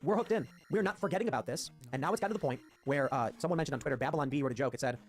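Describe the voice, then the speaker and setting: A man hosting a political talk show, talking quickly and emphatically and acting out quoted voices. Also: medium pitch, faint music behind. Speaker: podcast host.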